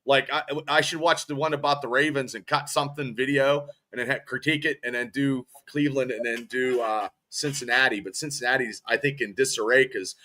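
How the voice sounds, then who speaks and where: A man's voice: mid-range voice, steady tone, brisk, few pauses, bright, forceful tone. A man co-hosting a casual sports podcast over a video call, telling stories and cracking jokes. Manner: joking, storytelling. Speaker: podcast co-host.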